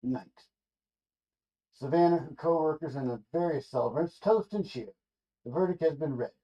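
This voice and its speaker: A man reading a rough draft screenplay aloud in a loose, ad-libbing way, correcting himself with casual asides, in a dull lo-fi recording. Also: fairly high pitch, normal speed, warm tone. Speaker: screenplay reader.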